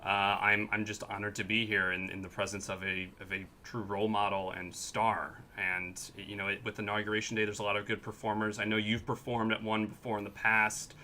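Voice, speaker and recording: A man with a low but very bright, forceful voice. He gushes in mock awe at the host on a comedy panel, piling on praise. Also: level tone, a little fast, few pauses, a little hiss or hum. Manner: gushing, mock-starstruck. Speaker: panelist handling the tech.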